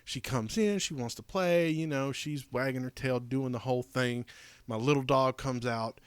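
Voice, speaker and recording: A middle-aged man co-hosting a podcast, telling stories in casual chat, animated and rambling with many restarts. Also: mid-range voice, moderate pace, clear, resonant tone, no echo. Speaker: podcast co-host.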